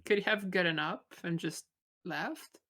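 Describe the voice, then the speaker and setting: A woman's voice: fairly low pitch, unhurried, sharp tone. A woman plays a tabletop game, thinking aloud with plenty of hedges and fillers. She giggles as she works out what her character does. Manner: hedging, giggly. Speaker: player. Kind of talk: casual tabletop game play.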